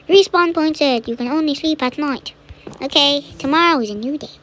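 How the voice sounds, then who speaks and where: A woman's voice: sits high, normal speed, fairly bright tone, slight background noise. A woman chatting playfully while commenting on her gameplay, often repeating words and dropping into whispered asides. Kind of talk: casual let's-play commentary.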